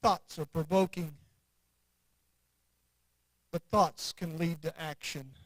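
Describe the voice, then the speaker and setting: High-voiced, unhurried church teacher. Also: male voice, fairly even intonation, no room sound, low-quality recording. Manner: earnest, repeats declarations with conviction. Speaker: adult Sunday class teacher.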